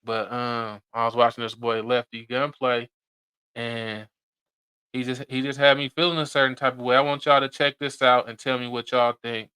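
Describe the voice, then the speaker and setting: A man's voice: medium pitch, level tone, moderate pace, bright, forceful tone, clean tone, no echo. A man hosting a casual podcast, talking loosely and rambling in slang with lots of fillers. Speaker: podcast host.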